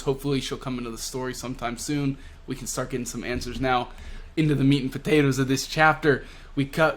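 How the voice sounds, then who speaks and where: A man giving casual, excitable commentary on a comic chapter. He laughs often and fills his talk with "like.". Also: mid-range voice. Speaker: manga reviewer.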